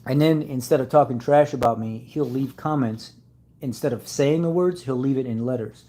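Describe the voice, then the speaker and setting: A man's voice: medium pitch, normal speed, mellow. A man hosting a casual car-channel live stream, rambling with fillers and restarts.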